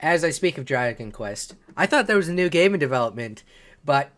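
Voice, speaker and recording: A man's voice: on the high side, animated, a little fast, fairly bright tone. A man hosting a casual game-news podcast, rambling and correcting himself as he goes. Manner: rambling, self-correcting, chuckles at own slips. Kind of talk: casual chat.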